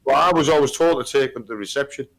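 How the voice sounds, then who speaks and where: A man, chatting casually and excitably about work anecdotes. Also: mid-range voice, fast, vocal fry, poor audio. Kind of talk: casual chat.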